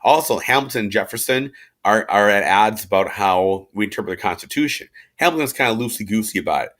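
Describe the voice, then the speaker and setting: A man with a lowish voice gives a relaxed history lecture to his class. He speaks in a chatty, slangy way and keeps the tone informal, with fillers and restarts throughout. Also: fast. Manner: chatty and slangy, acts out quotes in everyday speech. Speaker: history teacher. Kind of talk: casual recorded class lecture.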